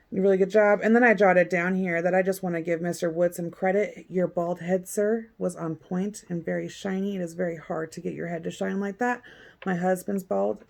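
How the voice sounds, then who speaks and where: A woman's voice: medium pitch, gravelly, darkish tone. A woman vlogger giving a blunt, profane, sarcastic recap in casual chat. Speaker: vlogger recapping a court hearing.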